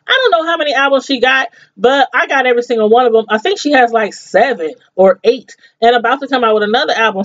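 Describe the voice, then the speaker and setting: A woman's voice: on the high side, expressive, fast talker, few pauses, a bit bright, dull audio. A woman reviewing a TV show in casual chat, laughing often and acting out what people said. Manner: chatty, laughs often, acts out quotes.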